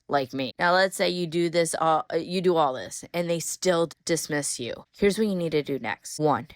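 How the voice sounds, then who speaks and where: A woman who is a mom, hosting a solo podcast, giving direct advice in a coaching manner and repeating key phrases slowly. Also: deep voice, no room sound. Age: young adult or middle-aged mom. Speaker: podcast host.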